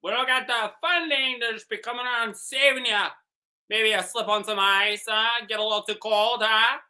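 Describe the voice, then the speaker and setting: A man's voice: high voice, fairly even intonation, moderate pace, bright, forceful tone. A man voicing a flustered small-town mayor in an improvised comedy scene, pushy and blustering. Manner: blustering, pushy, tags lines with "huh".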